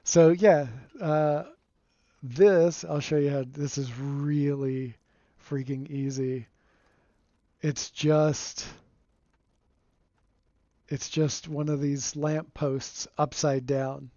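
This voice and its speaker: A slow-talking man with a mellow, slightly high voice gives relaxed, rambling commentary over his gameplay and chuckles often. The sound is dull and lo-fi, close and dry on a home streaming mic. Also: no echo. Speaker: game streamer.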